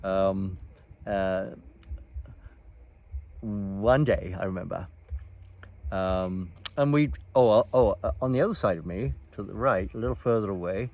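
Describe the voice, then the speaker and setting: Low-voiced older man rambling through memories. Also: a little mellow. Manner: meandering, halting, many fillers and restarts. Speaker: storyteller recounting his past. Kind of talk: casual reminiscing chat.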